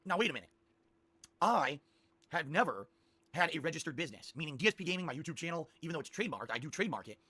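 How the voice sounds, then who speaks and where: A man telling a long rambling story to his stream viewers, animated and repeating himself. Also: on the high side, fast talker, slightly rough, no room sound.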